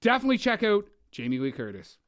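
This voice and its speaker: A man's voice: sits high, huge pitch swings, fast talker, fairly bright tone. A man co-hosting a casual movie podcast, rambling and cursing, often restarting his sentences. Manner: rambling, swears a lot, stumbles and restarts. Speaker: podcast co-host.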